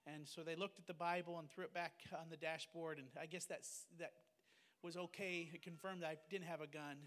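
A man with a high-pitched voice recounts a personal testimony as a pastor and missionary. He speaks earnestly, fervently and with plain emotion. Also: steady tone, a little fast, a bit bright, in a large hall. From United States.

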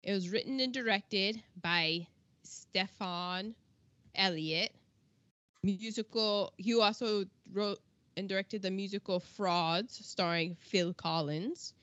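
A woman hosting a casual podcast, reading film credits in a steady, unhurried way. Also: medium pitch, no echo. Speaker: podcast host. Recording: dull, dry lo-fi recording.

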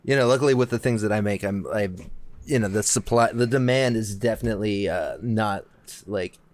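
A man's voice: fairly low pitch, a little fast. A man chatting as a podcast guest, laid-back and rambling with lots of fillers. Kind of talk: casual chat.

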